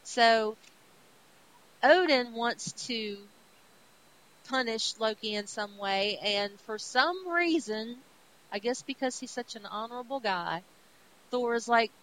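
A woman's voice: a little high, slow pace, long pauses, slight background noise, poor audio. Chatty woman podcast host. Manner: chatty, animated storytelling. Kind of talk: casual retelling of comic books.

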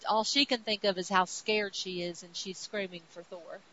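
A woman's voice: mid-range voice, steady tone, moderate pace, bright, forceful tone, muffled recording, a little hiss or hum. A woman hosting a podcast, chatty, casually recapping a comic book story and quoting characters, with many restarts. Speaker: podcast host.

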